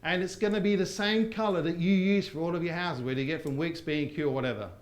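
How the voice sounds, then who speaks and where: A man's voice: on the high side, fast. A man teaching a live property seminar, quizzing his audience in call-and-response. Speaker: property course trainer. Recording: roomy seminar hall sound.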